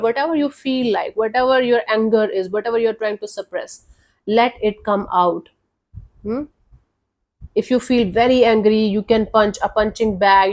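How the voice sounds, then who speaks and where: A woman giving a casual weekly tarot reading, talking directly to the viewer in a reassuring, conversational way with frequent fillers. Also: mid-range voice. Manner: warm, reassuring, addresses viewer as honey. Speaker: tarot reader.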